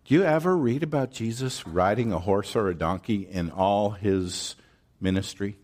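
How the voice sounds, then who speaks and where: A man preaching a sermon, teaching from scripture with rhetorical questions and frequent check-ins with the congregation. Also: on the low side. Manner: animated preaching, slow and deliberate with drawn-out words. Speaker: pastor.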